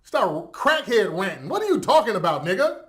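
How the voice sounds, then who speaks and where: A man's voice: high-pitched, sing-song, moderate pace, fairly bright tone. A man hosting a reaction video, giving profane, incredulous, mocking commentary and laughing as he talks.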